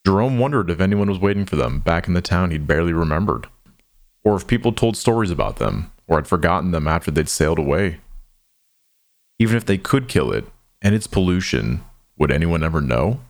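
A man narrating an audio drama in a measured, somber storytelling manner. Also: deep voice, big pitch swings.

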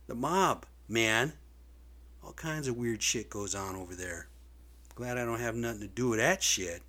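A man's voice: medium pitch, unhurried, pushed and bright. A man ranting in a vlog monologue, blunt and profane, getting worked up and swearing freely. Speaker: video blogger. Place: lives in Seattle area.

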